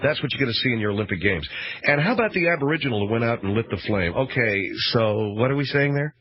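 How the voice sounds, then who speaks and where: A man's voice: medium pitch, animated, fast talker. A man hosting a radio talk show, rambling through a sarcastic, mock-outraged monologue. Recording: dull, dry radio broadcast.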